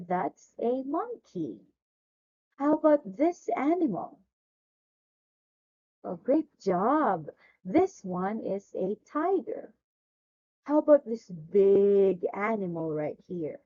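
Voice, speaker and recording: A woman teaching English to a young child over a video call. She speaks very slowly, with a lively voice that rises and falls, and praises often. Her tone is mellow and the sound is a little dull and lo-fi. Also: medium pitch. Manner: slow, exaggerated and encouraging, with lots of praise. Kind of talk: demo lesson for a child.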